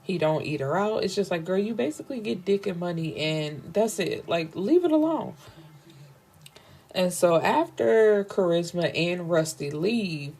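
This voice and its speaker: A woman hosting a book podcast, recapping a story in an animated, slangy way and swearing freely. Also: lowish voice, measured pace, breathy edge.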